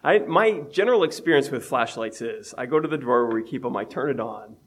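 A man's voice: mid-range voice, expressive, fast talker. A man preaching an evening sermon in a conversational way, reading scripture aloud and laughing at his own everyday examples.

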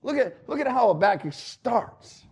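A man preaching a sermon, swinging between loud and hushed delivery and repeating phrases for emphasis. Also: very high-pitched, big pitch swings, normal speed, husky.

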